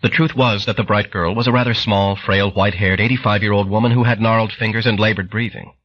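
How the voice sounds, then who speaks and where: A man's voice: fairly low pitch, steady tone, fast, dull audio. A man narrating an audiobook in dramatic storytelling fashion. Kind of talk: scripted narration.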